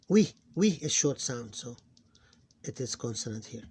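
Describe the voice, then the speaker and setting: A man teaching a phonics lesson, explaining step by step and sounding out syllables loudly. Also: medium pitch, expressive, moderate pace, slightly rough, no echo.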